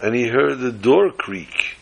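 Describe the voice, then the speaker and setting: A man telling a religious story to listeners in a measured, dramatic way. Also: mid-range voice, lively intonation, creaky, a little hiss or hum, low-quality recording.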